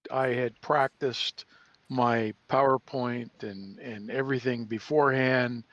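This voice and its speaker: A man's voice: medium pitch, fairly bright tone, no echo. A man on a video chat telling a self-deprecating story about his first talk. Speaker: guest clinician. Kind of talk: casual anecdote on a video call. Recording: dull lo-fi call audio.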